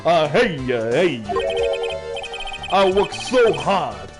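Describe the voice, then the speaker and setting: A man voicing a bullying tough-guy mobster with a put-on Brooklyn accent, loud and blustering. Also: a little high, big pitch swings, slow, music in the background. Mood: threatening.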